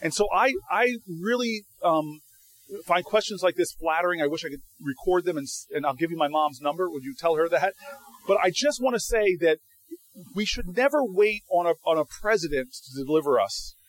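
A high-pitched man speaking at normal speed answers audience questions as a guest speaker before a live crowd, apparently in an event hall. He tells stories energetically, stumbling and restarting sentences often, and acts out the people he quotes.

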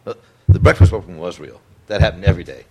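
A man's voice: sits low, fast talker, warm tone, slightly rough. A man interviewing a guest, thoughtful and restarting his questions as he frames them. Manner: thoughtful, rephrases questions mid-sentence. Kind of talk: conversational interview.

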